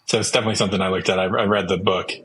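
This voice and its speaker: A man's voice: low voice, steady tone, racing, fairly bright tone, low-quality recording. A young man talking casually as a guest, chatty, with lots of "like" and acted-out quotes. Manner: chatty, many "like"s, acts out quotes. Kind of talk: casual interview talk.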